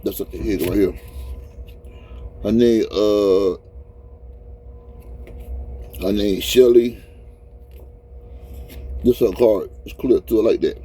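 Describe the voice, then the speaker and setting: A man's voice: on the low side, steady tone, takes it slowly, long pauses, dark tone, breathy edge. A man in his fifties, crying as he talks in a rambling, heartfelt vlog from his truck cab. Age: 50s. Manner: rambling, heartfelt, repeats himself. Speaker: truck driver vlogger. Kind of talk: casual emotional vlog talk.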